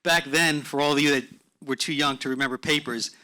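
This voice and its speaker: A man's voice: on the high side, steady tone, brisk, pushed and bright. A man in his fifties moderating a live Q&A, chatty and joking with his guests. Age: 50s.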